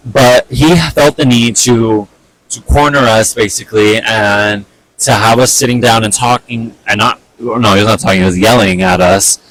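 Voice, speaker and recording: A young man casually telling a personal story on a vlog, animated and exasperated, with lots of fillers and swearing. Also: lowish voice, rough recording. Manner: animated, fed-up retelling full of fillers and swearing.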